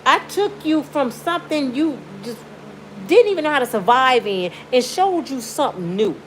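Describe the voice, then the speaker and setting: A woman's voice: high voice, animated, normal speed, slight background noise, low-quality recording. A middle-aged woman from Michigan, a YouTuber, venting in an outspoken, pleading personal vlog from her bed at home. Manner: outspoken, pleading, swings from indignant to tearful. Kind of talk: emotional personal vlog rant.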